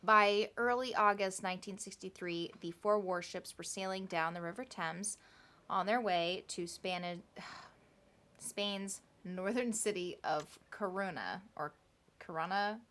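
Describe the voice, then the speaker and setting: A woman's voice: mid-range voice, unhurried, a bit bright. A woman co-hosting a podcast, telling a history story in a casual, chatty way with laughing asides. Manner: chatty, laughing asides and playful quoted voices.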